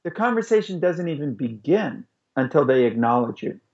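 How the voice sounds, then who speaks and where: A man's voice: a little high, normal speed. A man, a guest parenting expert, explaining in an interview and acting out little examples. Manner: animated, demonstrates with acted voices. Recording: dull lo-fi recording.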